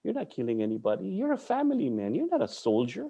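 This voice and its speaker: A man's voice: on the high side, wildly swooping pitch, quick pace, mellow, heavily acted. A man voicing his stern older male mentor, who scolds bluntly and swears. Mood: scolding.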